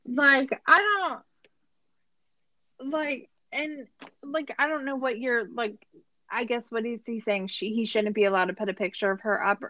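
A woman talks through a show she watched, incredulous and laughing, with "like" in nearly every phrase. Her voice sits a little high. The sound is dull and dry. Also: unhurried, sharp tone, no room sound. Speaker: podcast host recapping a show. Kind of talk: casual chat.

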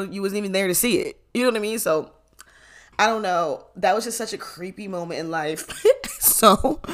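A young adult vlogger recounting a story in a loose, casual storytime. The voice has a gravelly, fried edge and a middling pitch. The talk is loose and full of fillers, laughs and casual swearing. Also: fairly bright tone. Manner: chatty, lots of fillers, frequent laughs and swearing.

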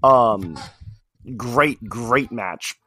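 A man co-hosting a podcast, talking in a casual, animated way with many fillers and restarts. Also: medium pitch, extremely slow, slightly rough, dry recording. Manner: animated, rambling wrestling fan talk with fillers. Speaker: podcast co-host. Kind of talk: casual chat.

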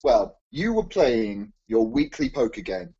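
A man with a slightly husky, fairly high voice that swings widely up and down as he jokes with a friend. He riffs playfully and builds absurd bits on the spot. The recording is dull and lo-fi. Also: wildly swooping pitch, a little slow, dark tone. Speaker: podcast co-host. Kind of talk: casual comedic banter.

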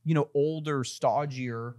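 A man in a casual interview, telling stories with lively, blunt energy. He swears freely and jumps straight into each point in a medium-pitched voice. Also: measured pace. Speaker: guest, gun company marketer. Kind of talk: casual storytelling.

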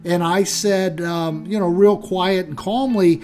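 A man's voice: sits high, slow, few pauses, soft background music. An American man, middle-aged, hosting a show and chatting his way through a travel story with lots of fillers. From United States. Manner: animated, chatty, many fillers. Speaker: podcast host.

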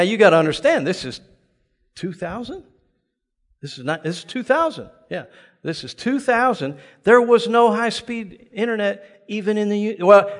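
A man preaching a sermon, telling a personal story with lively bursts of loud exclamation and laughter before a congregation. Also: a little high. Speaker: pastor. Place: large church hall before a live congregation. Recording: long reverb of a large hall.

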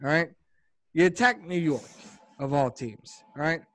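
A man co-hosting a casual sports podcast, talking in an animated, rambling way and laughing often. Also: fairly high pitch, moderate pace, no echo. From Philadelphia area. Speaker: podcast co-host.

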